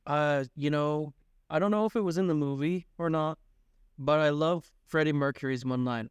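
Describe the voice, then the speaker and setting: Young male co-host, smooth clear tone, animated pitch, quick deadpan jokes, dry sound. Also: dry recording. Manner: joking, quick deadpan quips. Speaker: podcast co-host. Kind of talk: casual chat.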